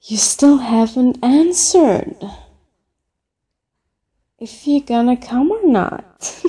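A woman's voice: high voice, animated, very slow, mellow, breathy edge. A woman performing a flirty phone-call role-play in a teasing, playful way, stretching her words out.

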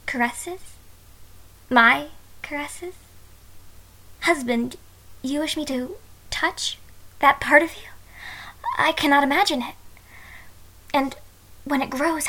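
A woman's voice: high voice, sharp tone, full character voice, poor audio. A woman playing a shy, innocent young bride in an audio role-play, speaking hesitantly and sometimes dropping to a whisper. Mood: bashful curious. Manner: hesitant, halting, drops to whispers.

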